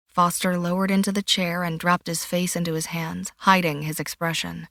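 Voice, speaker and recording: A woman reading a suspense audiobook in an even, measured storytelling voice. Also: lowish voice, no room sound, studio quality. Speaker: audiobook narrator. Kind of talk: scripted thriller narration.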